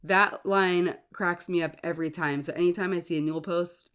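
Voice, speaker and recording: A woman's voice: lowish voice, fairly even intonation, a little fast, fairly bright tone, smooth. A woman hosting a podcast, a parent, chatting casually and acting out movie quotes. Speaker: podcast host. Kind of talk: casual chat.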